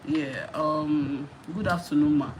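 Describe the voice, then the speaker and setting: A woman's voice: sits low, steady tone, slow pace, a little mellow. A Nigerian woman in her thirties chatting casually while answering viewer questions on a live stream, laughing often and repeating herself. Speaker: YouTuber hosting a live Q&A. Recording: noisy live-stream audio.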